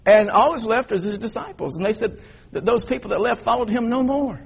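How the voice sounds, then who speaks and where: A man preaching a sermon as a pastor, telling the story in an animated way and swinging between loud emphasis and quiet reflection. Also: very high-pitched, fairly quick, gravelly, slightly rough, dull audio.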